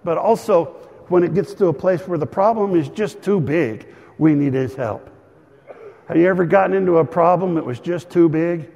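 A man's voice: fairly high pitch, normal speed, gravelly, a little mellow. A middle-aged man pastor preaching a sermon, telling stories with chuckles and fillers. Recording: long hall reverb.

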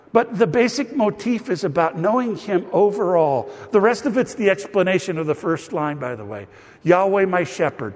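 A man preaching a sermon as pastor, telling stories with lively asides to the congregation. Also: high voice. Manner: animated storytelling with asides. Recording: long hall reverb.

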